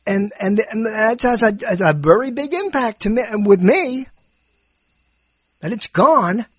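Husky older man musing aloud. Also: high-pitched, animated, measured pace, fairly bright tone, dry recording. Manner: musing, meandering, self-interrupting, chuckling. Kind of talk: rambling monologue.

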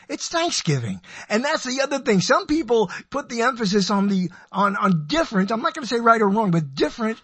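Rambling older man with a husky voice. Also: high voice, fairly bright tone, no room sound. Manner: digressive, self-interrupting, wry. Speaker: radio personality. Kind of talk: rambling radio monologue.

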